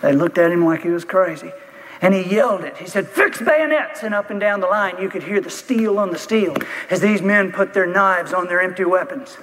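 A man telling a story in a speech, building tension with vivid detail and pauses. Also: high voice, fairly even intonation, a bit bright, long reverb tail, low-quality recording. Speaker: speaker.

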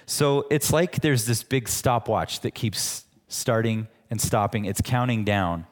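A man's voice: lowish voice, unhurried. A man preaching a sermon as pastor, teaching in a conversational way with frequent restarts. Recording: long hall reverb.

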